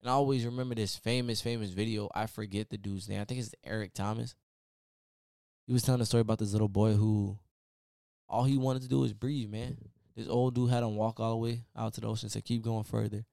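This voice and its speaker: A man with a lowish voice delivers a loose, preachy motivational rant on his solo podcast, leaning on "man" and "y'all." The sound is close and dry, with no room echo. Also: steady tone, brisk, vocal fry, dark tone. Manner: casual, preachy, repeats "man" often. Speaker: podcast host.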